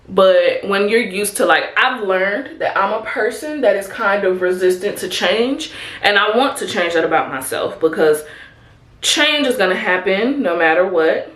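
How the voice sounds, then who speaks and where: A vlogger in her twenties from Chicago, USA, chats candidly to viewers while getting ready, calling them "y'all" and "honey". Her mid-pitched voice is a bit bright, and the room around her echoes noticeably.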